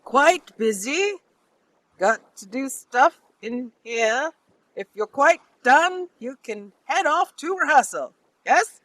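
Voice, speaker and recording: A tabletop player voicing a loud, dismissive male theatre manager, speaking high and drawn out. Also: expressive, slow pace, no echo, full character voice. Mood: impatient.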